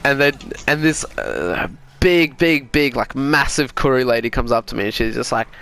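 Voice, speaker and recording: A man's voice: mid-range voice, lively intonation, normal speed, a bit bright, clean tone, no room sound. An Australian man from Sydney telling a story in casual chat, swearing freely and laughing as he goes.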